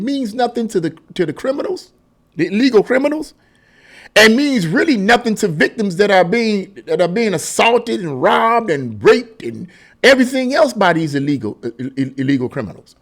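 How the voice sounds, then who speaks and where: A man rants angrily about politics, pressing his points over and over with heated emphasis. His voice sits high and swoops widely up and down as he talks. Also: big pitch swings, fairly quick. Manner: mocking singsong asides. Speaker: commentary channel host. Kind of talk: angry political rant.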